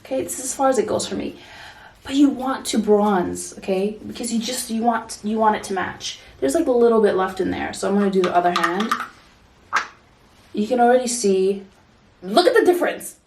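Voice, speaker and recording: A woman's voice: mid-range voice, fairly quick, gravelly, darkish tone. A woman, giving a chatty, direct makeup tutorial as a vlogger. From Toronto, Canada. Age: 30s. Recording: echoey room, distant mic.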